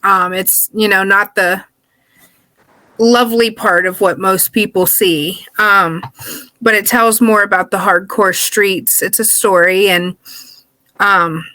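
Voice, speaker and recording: A woman's voice: mid-range voice, fairly even intonation, slow pace, pushed and bright. A woman actress interviewing her coach, talking hesitantly with many ums, on a video call. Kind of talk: casual interview chat.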